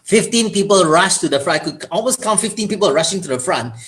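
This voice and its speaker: Guy hosting an online talk, tells funny stories on himself, animated, video call sound. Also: high-pitched, quick pace. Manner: storytelling, self-deprecating, animated. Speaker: host. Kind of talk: casual online talk show.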